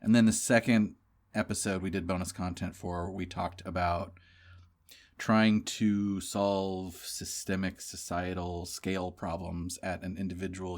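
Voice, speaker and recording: A man's voice: deep voice, level tone, measured pace. Wry, joking young man co-hosting. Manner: wry, joking, rambling asides. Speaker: podcast co-host. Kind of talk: casual chat.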